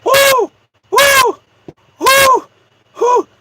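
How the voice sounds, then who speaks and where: A man voicing a squeaky, panicky little male character who shrieks frantic questions. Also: slow, noisy background. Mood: panicked.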